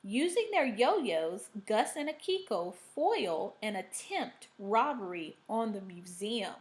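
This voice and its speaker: A woman's voice: mid-range voice, very animated, slow pace, few pauses. A woman teaching a recorded reading lesson to students. She is upbeat and checks in with "okay" after most steps.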